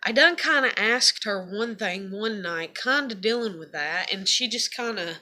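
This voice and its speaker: A woman's voice: medium pitch, expressive, a little slow, sharp tone. A woman talking casually to camera in a confessional vlog, rambling with lots of fillers and swearing. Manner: rambling, profane, many fillers. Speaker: vlogger.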